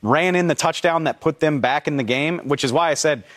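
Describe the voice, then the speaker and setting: A man on a sports talk panel, reasoning in a measured and dry way. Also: fairly high pitch, fairly bright tone.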